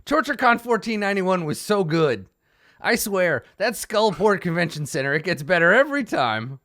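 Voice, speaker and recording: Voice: mid-range voice, very animated, brisk, sharp tone, dry recording, studio quality. A game master voicing a cheerful, talkative male bugbear torturer in a tabletop game. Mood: chummy. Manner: chatty, matter-of-fact about gore.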